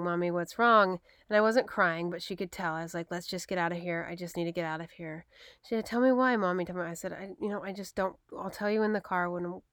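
Frustrated mother, 30s, frank storytelling, crisp dry voice. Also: mid-range voice, dry recording. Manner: upset, frank, retelling dialogue with emphasis. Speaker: mother telling a personal story. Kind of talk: casual personal storytelling.

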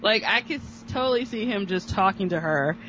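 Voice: medium pitch, expressive, a little fast, a bit bright, a little hiss or hum, poor audio. A podcast co-host chatting casually about a TV episode, agreeing and adding laid-back comments. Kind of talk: casual chat recapping a TV episode.

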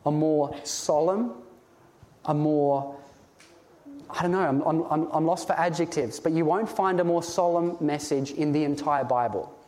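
A man's voice: a little high, a little mellow. A man preaching a sermon in an earnest, pleading way, sometimes stumbling over his words when stirred. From Australia.

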